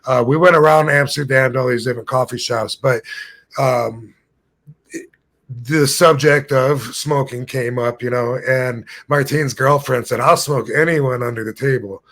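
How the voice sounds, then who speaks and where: A man's voice: medium pitch, measured pace, creaky. A man in his fifties hosting a podcast, telling long rambling anecdotes in casual chat. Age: 50s. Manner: rambling, animated anecdotes with put-on voices. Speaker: podcast host. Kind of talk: casual storytelling.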